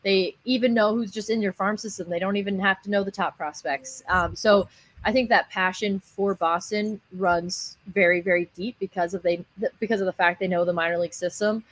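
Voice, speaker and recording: A woman's voice: mid-range voice, steady tone, fairly quick. A woman who works as a baseball broadcaster, answering questions in a thoughtful, upbeat, conversational way. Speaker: minor league baseball broadcaster. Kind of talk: radio interview guest.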